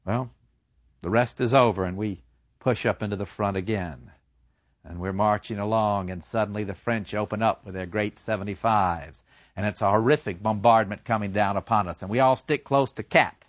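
A man's voice: lowish voice, moderate pace, no room sound, dull audio. A man dramatically retelling a war story in the first person, acting out the quotes. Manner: animated, acts out quotes.

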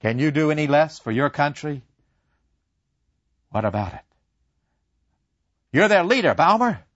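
A man's voice: fairly high pitch, big pitch swings, unhurried, fairly bright tone, no echo, dull audio, voice pushed up, full character voice. A man voicing a stern older schoolteacher who lectures boys with patriotic fervor. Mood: urging. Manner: rousing, hectoring.

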